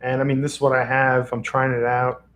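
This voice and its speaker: A man's voice: medium pitch, monotone, a little fast, fairly bright tone. A man chatting casually on a livestream from a room at home, rambling and chuckling often into a microphone. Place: home room lit by a lamp. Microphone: XLR microphone on a box.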